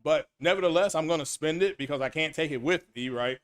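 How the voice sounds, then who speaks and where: A man's voice: on the high side, fast talker. A middle-aged man hosting a casual gaming talk stream, rambling and repeating himself as he answers chat. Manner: animated, rambling, repeats himself, reads chat names aloud. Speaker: gaming commentary host. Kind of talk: casual solo stream commentary.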